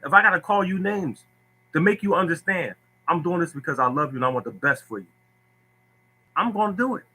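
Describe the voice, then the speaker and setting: A man's voice: on the high side, animated, brisk, bright, forceful tone, husky, rough recording. A man hosting a lottery tips livestream who speaks bluntly and preachily, repeating himself as he answers viewers.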